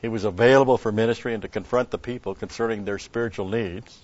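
Low-voiced preacher giving a sermon. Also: male voice, fairly even intonation, fast talker, dry recording, muffled recording. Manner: storytelling with rhetorical questions, chuckles.

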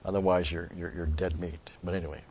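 A man's voice: low voice, flat delivery, quick pace, a little mellow. A man giving a rambling Bible teaching, stressing key words and restarting his sentences. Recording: dull lo-fi recording.

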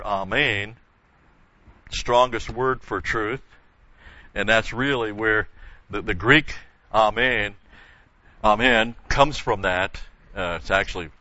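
A man's voice: lowish voice, pushed and bright, dull audio. An older man teaching a verse-by-verse Bible study, explaining carefully with frequent restarts and emphatic repetition.

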